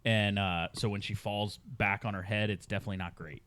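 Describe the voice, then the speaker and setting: A man's voice: fairly low pitch, fairly even intonation, a little fast, fairly bright tone, smooth. A young man co-hosting a podcast in laid-back casual chat. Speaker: podcast co-host.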